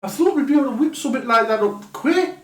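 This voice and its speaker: A woman's voice: high-pitched, lively intonation, fast talker. Rambling woman, echoey room. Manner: chatty, rambling, laughs often. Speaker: comedy sketch performer. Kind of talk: rambling comic monologue.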